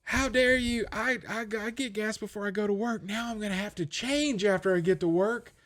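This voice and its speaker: A man's voice: normal speed, fairly bright tone. A man on a podcast mocking a fussy, outraged local resident in an indignant voice. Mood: outraged whining. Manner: indignant, shrill complaining.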